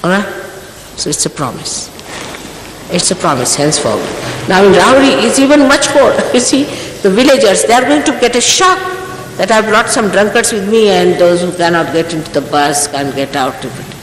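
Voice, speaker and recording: A woman's voice: mid-range voice, lively intonation, normal speed, a little hiss or hum. An older woman, a spiritual teacher, giving an emphatic, scolding talk to her followers, full of rhetorical questions. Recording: echoey hall, archival recording.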